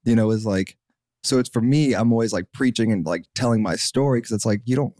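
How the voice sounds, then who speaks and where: A man's voice: fairly low pitch, a little fast, no echo, studio quality. A young man in his twenties, a singer-songwriter guest on a podcast, telling his story casually with lots of fillers and acted-out quotes. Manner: animated, acts out quotes, many fillers.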